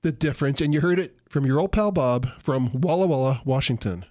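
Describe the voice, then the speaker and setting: A man's voice: mid-range voice, animated, a little fast, darkish tone, no echo, clean studio sound. A man from San Diego co-hosting a Christian talk show, teaching about the Bible in a folksy, joking way and sometimes acting out voices. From San Diego, California. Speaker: Christian radio co-host. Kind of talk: casual Bible teaching chat.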